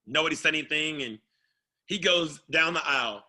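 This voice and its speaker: A man, a former basketball player, telling a story in a casual interview, animated and playful. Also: on the high side, moderate pace. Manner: animated, playful, acts out what others said.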